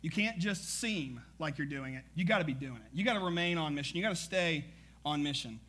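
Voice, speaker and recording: High-voiced, energetic male preacher. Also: a little fast. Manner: energetic, conversational preaching with asides. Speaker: pastor. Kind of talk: sermon.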